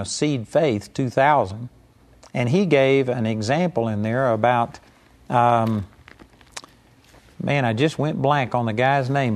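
Earnest man preaching a sermon. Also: medium pitch. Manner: earnest, mimics whiny pleading voices in quotes. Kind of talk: sermon teaching.

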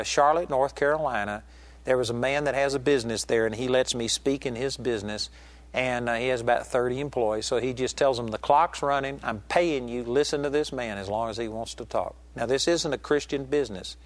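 A middle-aged man preaching a sermon with passion, climbing high to stress a point and slowing for weight, acting out the voices in a story he tells. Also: dry recording. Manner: impassioned, rises sharply in pitch for emphasis, slows to stress lines; acts out quoted voices in retelling a story.

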